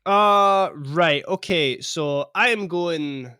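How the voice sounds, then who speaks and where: A man's voice: a little high, extremely slow, bright, forceful tone, clear, resonant tone, no echo. A man guesting on a podcast in casual chat, easygoing and self-deprecating.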